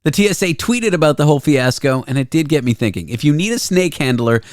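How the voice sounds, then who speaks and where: A man's voice: fairly high pitch, lively intonation, fast talker, a little mellow, no echo, studio quality. A man hosting a comedy show, delivering a playful monologue with lots of jokes. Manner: playful and jokey, with bouncy exaggerated delivery. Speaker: radio show host. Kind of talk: comic monologue.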